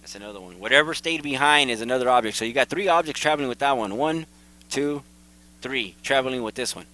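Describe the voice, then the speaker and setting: A man hosting his own video, casually and excitedly talking viewers through photos and repeating himself as he points things out. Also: mid-range voice, fast, low-quality recording. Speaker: video host. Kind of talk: casual commentary over photos.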